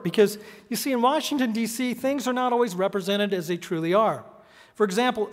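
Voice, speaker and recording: Middle-aged male speaker, punchy and sardonic, podium mic, long hall reverb. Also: high voice. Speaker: editorial cartoonist giving a talk. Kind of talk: prepared speech. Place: large hall.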